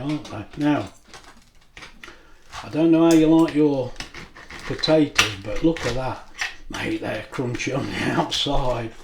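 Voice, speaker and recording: A middle-aged food vlogger chats casually to camera in his home kitchen, his mid-range voice homely and talkative, laughing often. The room is echoey, with a little hiss or hum in the background.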